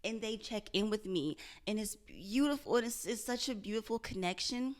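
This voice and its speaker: Speaking at a moderate pace in a medium-pitched voice, a young woman opens up in a confessional vlog about what she's struggling with. Her tone is earnest and introspective, and she often restarts or repeats what she's saying.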